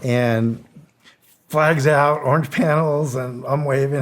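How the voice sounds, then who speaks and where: A man's voice: mid-range voice, takes it slowly. A middle-aged man, a guest on an interview show, telling a story in a casual, blunt way, acting out the dialogue and chuckling often. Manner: animated storyteller, acts out quotes, chuckles. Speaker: guest, former security contractor.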